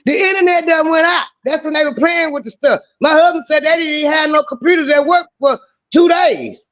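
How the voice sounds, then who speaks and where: A woman's voice: sits high, brisk. A woman in casual chat, telling stories emphatically and swearing freely. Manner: emphatic, profane, storytelling. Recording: dull lo-fi audio.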